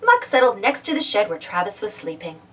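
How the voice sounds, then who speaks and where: A woman gently reading a children's storybook aloud as a storyteller. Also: medium pitch, huge pitch swings, a little fast, distant mic.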